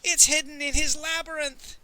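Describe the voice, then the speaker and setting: Man voicing Pawnbroker Fang, a shrill wailing coward. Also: little pitch movement, moderate pace, pushed and bright, exaggerated voice, poor audio. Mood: terrified. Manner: wailing, pleading, high and shrill.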